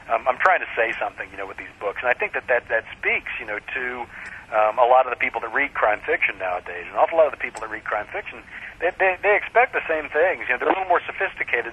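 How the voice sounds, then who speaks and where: A man's voice: mid-range voice, narrow, tinny audio, slight background noise. A man, a crime fiction author, chatting casually in a radio interview and filling his talk with "you know" and "like that". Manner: peppers speech with "you know" and "like that".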